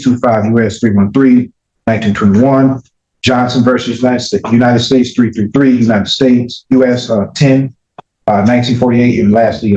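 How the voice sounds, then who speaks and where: A man arguing as defense attorney in a courtroom, pressing his points insistently and climbing in pitch as he pushes. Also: a little mellow. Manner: argumentative, rising in pitch when pressing a point. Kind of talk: courtroom legal argument. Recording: echoey courtroom, dull audio.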